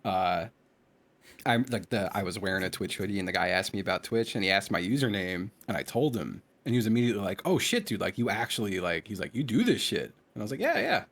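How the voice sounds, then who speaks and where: A man's voice: low voice, fast. A man chatting casually, telling funny stories about being recognized, laughing and acting out the people he quotes. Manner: animated storyteller, laughs and acts out quotes. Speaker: streamer and show regular. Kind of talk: casual chat.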